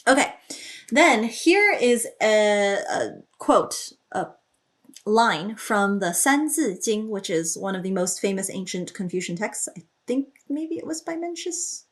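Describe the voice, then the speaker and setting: A woman's voice: mid-range voice, lively intonation, unhurried. A woman explaining song lyrics as a language teacher, thinking aloud with small fillers and lifting her voice when she reads out each lyric line. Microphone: studio microphone.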